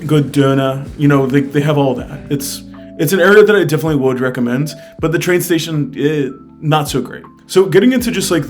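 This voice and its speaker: A man's voice: medium pitch, a little mellow. Chatty young man reviewing his travels. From United States. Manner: chatty, many fillers, candid and upbeat. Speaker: travel vlogger. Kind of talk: casual vlog review.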